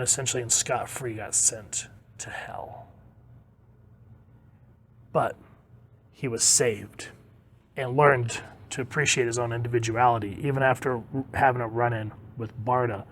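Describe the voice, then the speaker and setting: Guy casually reviewing a comic, chatty and into it, mid pitch. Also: steady tone, moderate pace, pauses often, a little hiss or hum. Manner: chatty, enthusiastic, reads quotes aloud.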